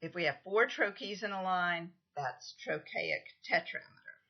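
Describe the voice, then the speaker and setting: A woman lecturer giving a recorded lesson, explaining things patiently, counting out stresses and often pausing with "um". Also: on the low side, creaky, lo-fi sound. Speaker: literature lecturer.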